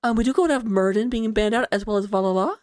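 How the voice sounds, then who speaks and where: A woman casting an esports match in a chatty, giggly, rambling way, lounging low in her chair. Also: quick pace, a little mellow, dry recording, studio quality. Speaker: esports caster. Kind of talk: casual esports commentary.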